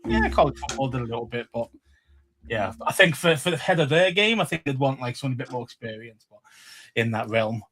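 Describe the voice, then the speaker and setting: A man's voice: medium pitch, expressive, fairly quick, fairly bright tone. A man with a Scouse accent co-hosting a casual podcast, easygoing and jokey, often repeating himself. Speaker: podcast co-host.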